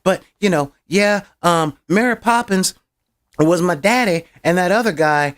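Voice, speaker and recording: A man's voice: high voice, lively intonation, unhurried, a bit bright, pitched above the performer's own voice. A man mimicking a giddy, gushing superhero. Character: giddy, childish male superhero, breathless and gushing.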